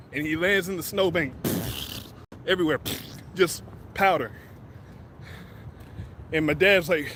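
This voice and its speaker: Man, high voice, animated street vlogger, loud traffic and wind. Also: moderate pace, long pauses. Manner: animated, playful storyteller with sound effects. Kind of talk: walk-and-talk storytelling. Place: outdoors on a city street with traffic.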